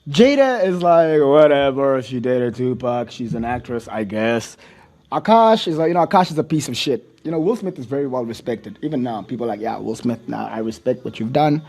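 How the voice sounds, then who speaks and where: A man's voice: medium pitch, sing-song, brisk, a little mellow. A man hosting a comedy reaction show, riffing profanely and animatedly and slipping into mock voices. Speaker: host.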